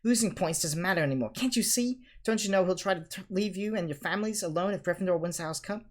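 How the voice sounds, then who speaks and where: A man's voice: high voice, quick pace, pitched above the performer's own voice, natural voice. A man voicing a brave, stubborn schoolboy who talks in an urgent, pleading way. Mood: defiant.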